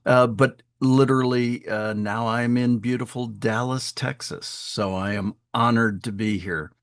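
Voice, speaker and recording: A man's voice: mid-range voice, unhurried, no echo, clean studio sound. A middle-aged man from Wisconsin, a sales trainer and speaker, telling upbeat stories as a guest on an online talk show. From Wisconsin, USA. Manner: upbeat, animated storytelling with acted quotes.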